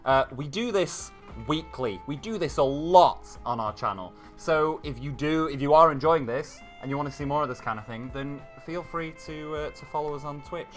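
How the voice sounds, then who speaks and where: British host with halting ums. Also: male voice, medium pitch, fairly bright tone. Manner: friendly, hesitant, many ums. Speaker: stream host. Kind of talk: live-stream hosting.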